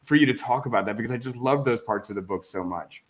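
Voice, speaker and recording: A man's voice: medium pitch, fast talker. A man hosting an online book interview, chatty and enthusiastic, with lots of filler words. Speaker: host.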